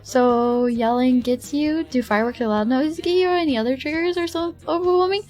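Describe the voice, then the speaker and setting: Chatty woman streamer, higher voice. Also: fairly quick, darkish tone, soft background music. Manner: chatty, rambling, many fillers and laughs. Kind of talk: casual chat with chat while drawing.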